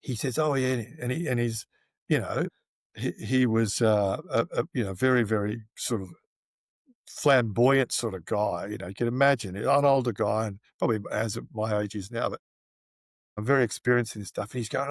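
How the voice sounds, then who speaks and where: A middle-aged man with an Australian accent tells a rambling anecdote as an interview guest. His voice sits in an ordinary middle pitch, full of fillers and restarts. The sound is dry and close. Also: moderate pace, no echo. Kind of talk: casual storytelling interview.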